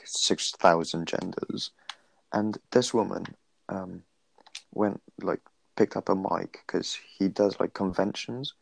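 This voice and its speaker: Gravelly young man, rambling. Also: deep voice. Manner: rambling, swearing, retelling stories with filler words. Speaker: podcast co-host. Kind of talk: casual late-night chat.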